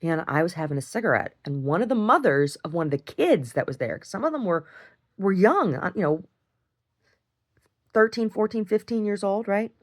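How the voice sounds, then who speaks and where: A woman, probably in her thirties or older, telling a frank, animated story in a casual video diary, full of "like" and "right?". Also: medium pitch, normal speed. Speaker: video diarist. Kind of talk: casual monologue.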